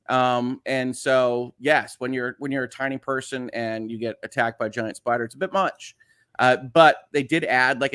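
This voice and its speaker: Reading viewer messages aloud on his casual livestream, a man with a slightly nasal Chicago accent rambles along, filling gaps with "uh" and restarting often. His voice is medium-pitched and a bit bright.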